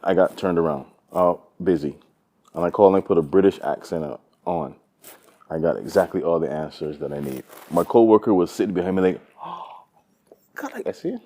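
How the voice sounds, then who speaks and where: A man's voice: low voice, fairly quick. A young man raised in Barbados, co-hosting a casual podcast chat and telling stories animatedly. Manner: animated storyteller who slips into voices. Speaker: podcast co-host.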